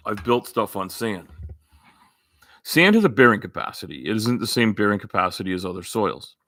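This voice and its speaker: A man's voice: lowish voice, lively intonation, normal speed, a bit bright, slight background noise. A middle-aged man hosting a casual livestream chat, rambling with frequent restarts, fillers and profanity. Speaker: streamer host.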